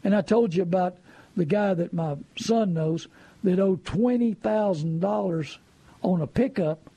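Guy lecturing folksy about car deals, gravelly and kinda dark tone. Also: high voice, unhurried, dry recording. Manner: folksy, preachy, asks rhetorical questions. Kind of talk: casual advice talk.

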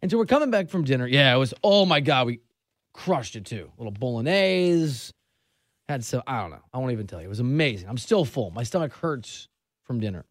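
Animated male sports radio host. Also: mid-range voice, no room sound, clean studio sound. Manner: animated, chatty, opinionated. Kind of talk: casual sports talk monologue. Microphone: studio microphone.

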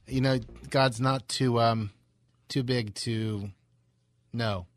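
A man's voice: medium pitch, steady tone, slow, long pauses. A male radio talk show host, reading station promos and responding to his guest with brief affirmations. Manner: affirming, brief interjections, warm-up reads. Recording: dry studio with faint music bed.

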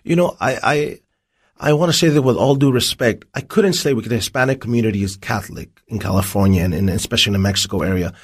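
A man's voice: on the low side, quick pace, husky. A man giving a personal testimony as an interview guest, telling his story vividly. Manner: vivid storytelling, acts out dialogue.

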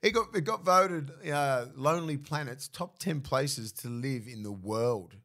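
An Australian man in his thirties chats on a podcast like a former footballer among mates. He swears freely and slips into mimicked voices when he tells a story. His voice sits in an ordinary middle pitch. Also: a little slow, fairly bright tone. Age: 30s. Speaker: former rugby league player, guest. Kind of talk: casual podcast chat.

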